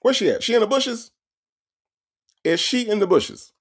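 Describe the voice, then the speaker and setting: A man hosting a casual livestream, reacting with animated, profane commentary and talking straight to his chat, often repeating himself. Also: high-pitched, normal speed.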